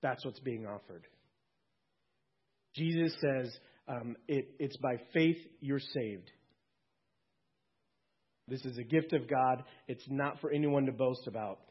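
Earnest husky male pastor preaching. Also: mid-range voice, slow, long pauses. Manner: earnest, swelling then hushed. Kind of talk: sermon. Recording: dull lo-fi recording.

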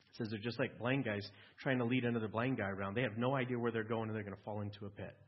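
Male pastor, husky voice, conversational sermon style, dull lo-fi recording. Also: medium pitch, steady tone, fast talker. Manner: conversational, asks listeners questions, small restarts.

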